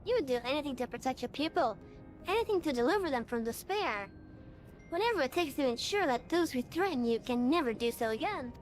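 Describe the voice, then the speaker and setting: A woman voicing an earnest young envoy in a video game cutscene, calm and persuasive. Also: sits high, brisk. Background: faint music score.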